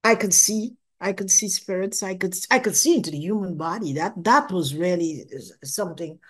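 A woman's voice: lowish voice, moderate pace, husky. An older woman telling her story as an interview guest, acting out her own past thoughts and laughing now and then. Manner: expressive, acts out her own past thoughts, laughs often, repeats words. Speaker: interview guest recounting a near-death experience. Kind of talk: animated personal storytelling.

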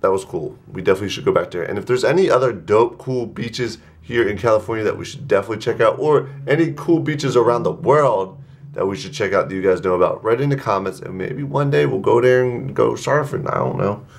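A man's voice: on the low side, a little fast, gravelly, slight background noise. A young man chatting casually in a travel vlog, laid-back and slangy, recorded outdoors. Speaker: vlogger. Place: outdoors at a beach town.

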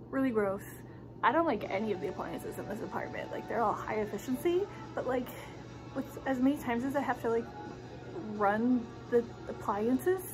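A woman's voice: a little high, low-quality recording. A woman vlogging in a casual, rambling chat, often giggling.

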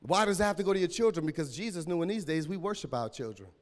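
Male pastor, high voice, AAVE, shouting sermon with a cracking voice, echoing church hall. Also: expressive, quick pace. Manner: preaching with call-and-response and sudden shouts.

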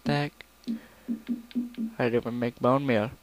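A man's voice: medium pitch, fairly even intonation, slow pace. A young man casually talking through his game, rambling and now and then breaking into bits of songs. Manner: rambling, breaks into song snippets. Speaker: let's player. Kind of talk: casual gameplay commentary.

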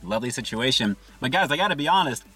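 A man's voice: mid-range voice, animated, fast talker, bright, forceful tone, husky, faint music behind. A man doing an upbeat casual food review from inside a parked car, calling his viewers "guys" and chewing between lines.

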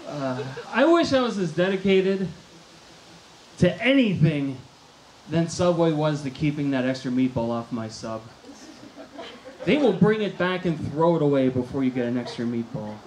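A middle-aged American man performing a stand-up comedy set on a theater stage, telling deadpan absurd one-liners into a handheld mic. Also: on the high side, normal speed. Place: movie theater stage before a live audience. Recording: echoey theater room with faint noise.

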